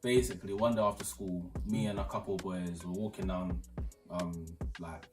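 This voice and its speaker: A young British man, the host, rambling and animated as he tells a school story in a casual chat at home. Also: sits low, normal speed, distant mic. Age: young adult. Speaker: channel host. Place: front room at home. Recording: roomy, off-mic, faint music behind.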